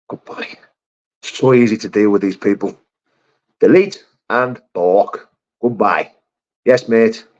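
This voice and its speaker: On a livestream, a middle-aged Englishman reads the chat and answers viewers bluntly, calling everyone mate and brother in casual live talk. His voice is on the low side and a little mellow, with the highs cut off.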